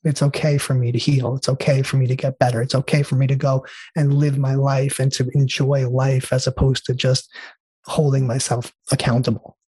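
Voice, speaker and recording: Earnest man with a mellow, husky voice. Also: mid-range voice, flat delivery, normal speed, no room sound. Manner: earnest, heartfelt, with many fillers and restarts. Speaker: interview guest. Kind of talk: conversational storytelling.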